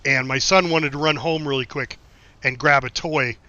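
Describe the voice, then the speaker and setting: Bright-voiced rambling American streamer man. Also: mid-range voice, steady tone, moderate pace, no echo. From United States. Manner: rambling anecdotes, frequent swearing and laughing asides. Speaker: game streamer reading chat. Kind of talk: casual live-stream chat and storytelling. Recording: dull lo-fi stream mic, dry.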